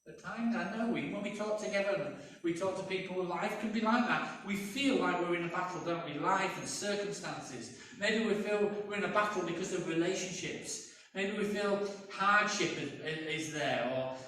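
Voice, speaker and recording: A man's voice: high-pitched, moderate pace, sharp tone, a little hiss or hum. A man preaching a sermon as pastor, telling a story in a conversational way and acting out voices. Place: church, indoors. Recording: echoey church from a distance.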